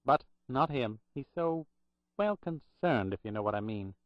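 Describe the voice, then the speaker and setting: A man's voice: medium pitch, lively intonation, a little slow, no echo, dull audio, lightly acted. A man voicing a chatty, portly woman hospital clerk with a Boston accent, gushing and gossipy.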